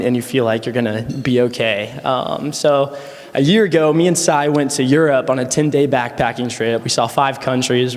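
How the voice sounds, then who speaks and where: A young man, a friend of the groom, giving a casual wedding toast full of fillers and stories in a reception hall. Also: medium pitch. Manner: casual, rambling, with many fillers and laughs. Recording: echoey hall sound.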